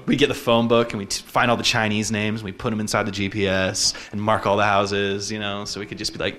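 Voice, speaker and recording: Man, twenties, from Utah, casual personal story, reflective, halting, fillers. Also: lowish voice, a bit bright.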